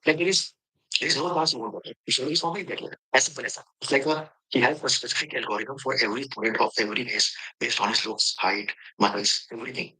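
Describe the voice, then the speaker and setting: A man from India with an Indian accent, giving a halting testimonial about his coach. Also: mid-range voice, pushed and bright, breathy edge, low-quality recording. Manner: halting, with many fillers and restarts. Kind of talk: recorded testimonial.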